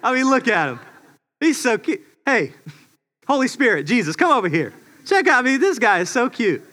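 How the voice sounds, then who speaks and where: A man voicing God as a fond, amused male figure who gushes in a cooing, higher voice. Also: very animated, moderate pace, bright, forceful tone, heavily acted. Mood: doting. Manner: cooing, gushing over something cute.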